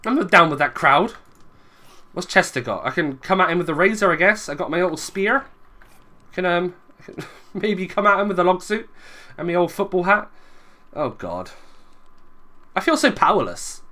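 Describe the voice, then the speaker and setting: A man's voice: high voice, animated, moderate pace, pauses often, bright, forceful tone. A young man giving chatty let's play commentary, muttering asides to his viewers as he plays. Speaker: gaming video creator.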